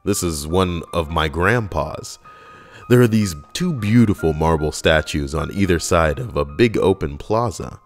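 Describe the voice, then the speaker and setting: Sardonic man reading jokes, very low voice, faint music bed. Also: a little slow. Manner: deadpan and sardonic, swearing. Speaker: comedy YouTuber reading jokes. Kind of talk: casual comic joke reading.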